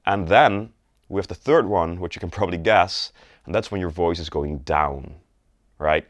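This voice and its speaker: A man teaching sales technique in an instructional video, demonstrating rising, flat and falling tones in his examples. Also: deep voice, moderate pace, dry recording. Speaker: sales coach.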